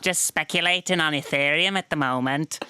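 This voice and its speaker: A man's voice: fairly high pitch, normal speed, bright, forceful tone, clean tone, no echo. A man putting on a Scouse accent to play a breezy male tech investor artist, as an impression of a famous musician. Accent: Liverpool (Scouse), put on.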